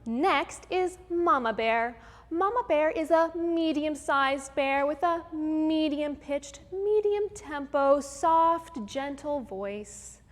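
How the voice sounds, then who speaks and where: A woman hosting a live virtual music lesson for children, explaining each idea clearly and step by step in an upbeat teacher's manner. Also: sits high, animated, takes it slowly. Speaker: host of a children's music program. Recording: long room reverb with faint background noise.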